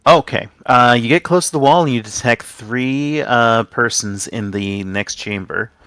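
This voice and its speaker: Halting male game master. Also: mid-range voice, a bit bright, clean tone, no room sound. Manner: halting, with many fillers. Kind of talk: running a tabletop game.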